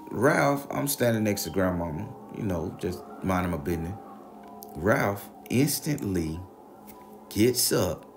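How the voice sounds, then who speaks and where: A man telling a story in a casual, animated, profane, slang-heavy way. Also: deep voice.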